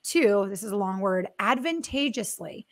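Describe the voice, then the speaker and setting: A woman's voice: medium pitch, expressive, moderate pace. A woman hosting a marketing webcast, reading a sponsor message and introducing a guest in an upbeat, enthusiastic way that breaks into easy laughter. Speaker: show host.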